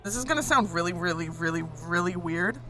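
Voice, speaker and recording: A streamer with an accent between American and Indian English chatting casually with viewers while gaming, rambling and full of fillers. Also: female voice, lowish voice, animated, a little fast, music in the background. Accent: mix of American and Indian English. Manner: rambling, lots of fillers, giggly.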